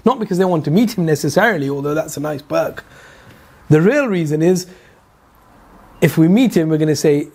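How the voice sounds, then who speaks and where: Man, high voice, Quran teacher, religious lecture, storytelling, rhetorical questions, hesitant repeats. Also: animated, brisk, pauses often, a little mellow, husky. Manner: hesitant fillers, repeats words.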